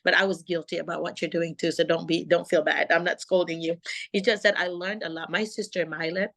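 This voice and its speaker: A middle-aged woman, coaching teachers on a video call and acting out a calm classroom voice. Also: fairly low pitch, fairly quick, creaky. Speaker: host and teacher mentor.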